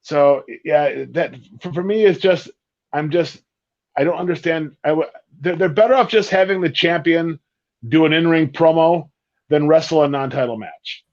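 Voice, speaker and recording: Male panelist, slightly high voice, muffled lo-fi audio, blunt opinions. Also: moderate pace, darkish tone. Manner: earnest, critical, repeats himself for emphasis. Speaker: wrestling show panelist. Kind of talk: casual panel chat, opinionated.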